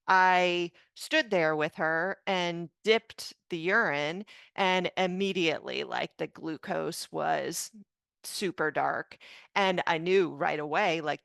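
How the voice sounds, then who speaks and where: A woman's voice: on the low side, gravelly, a bit bright, clear, resonant tone, no echo. A woman in her fifties, a doctor and mother, earnestly telling a personal story in an interview. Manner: slow, earnest, emotional recounting. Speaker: physician and parent guest.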